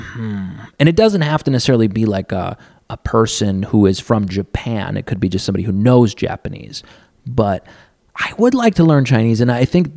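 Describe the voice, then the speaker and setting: A man's voice: mid-range voice, a little mellow, no echo, studio quality. A man hosting a podcast, rambling through a crude, profane comedic monologue while seated on a stool at a counter, laughing often. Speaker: podcast host.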